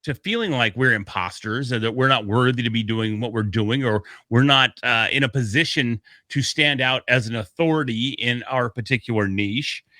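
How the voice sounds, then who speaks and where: A man's voice: medium pitch, normal speed, few pauses, sharp tone, dry recording. A man co-hosting a podcast, talking in an upbeat, joking and motivational way. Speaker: podcast co-host. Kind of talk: casual podcast chat.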